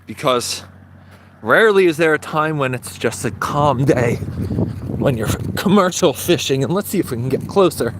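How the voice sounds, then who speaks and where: A man's voice: on the high side, animated, a bit bright, slight background noise. A man giving a casual, chatty livestream tour outdoors in a small seaside village, talking into a handheld phone. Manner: unhurried, chatty, trailing off between phrases. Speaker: live-streaming travel vlogger.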